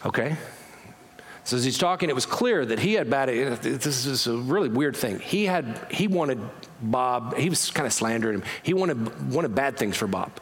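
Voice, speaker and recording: A man's voice: mid-range voice, lively intonation, normal speed, big-room sound. A man preaching a storytelling sermon as pastor, talking conversationally and often correcting himself mid-sentence.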